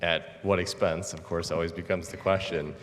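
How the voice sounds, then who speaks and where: A man moderating an interview in front of an audience, asking measured, supportive questions. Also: sits low, little pitch movement, fairly bright tone, slight background noise. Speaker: event host and moderator. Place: lecture hall with audience. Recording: echoey hall.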